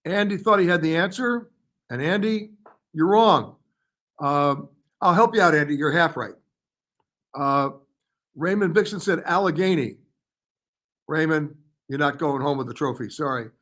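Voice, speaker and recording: A chatty male travel host answers viewers live, reading their comments aloud and passing quick verdicts on their guesses. His voice sits a little higher than most men's, and he keeps it loose and conversational. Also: fairly bright tone. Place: hotel or studio in Paris.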